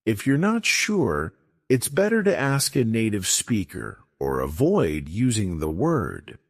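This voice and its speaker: A man narrates a scripted English lesson in a slow, deliberate way. His pitch swoops up and down dramatically from phrase to phrase. The recording is dry and close, with no room sound. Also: wildly swooping pitch, no room sound. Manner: slow, deliberate delivery with strongly rising and falling pitch. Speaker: English teacher.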